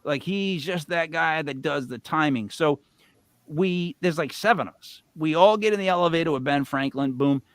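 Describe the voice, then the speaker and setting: A middle-aged man co-hosting a live show, telling a long casual story in a rambling, animated way, swinging between loud bursts and mutters. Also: a little high, normal speed, no room sound. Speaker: co-host.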